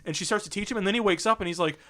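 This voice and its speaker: A man co-hosting a casual movie podcast, retelling scenes with animated quoted lines and frequent laughter. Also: high-pitched, racing. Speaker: podcast co-host. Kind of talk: casual movie recap chat.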